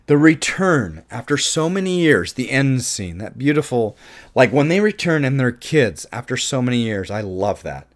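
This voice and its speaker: A man giving an opinionated, casual movie review, his voice jumping up when he gets emphatic. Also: medium pitch. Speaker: film reviewer.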